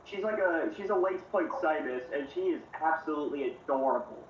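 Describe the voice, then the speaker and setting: A man's voice: on the high side, fairly quick. A man co-hosting a casual stream chat, easygoing as he keeps the talk moving. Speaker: co-host moving the topics along. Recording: echoey room, dull sound, faint noise.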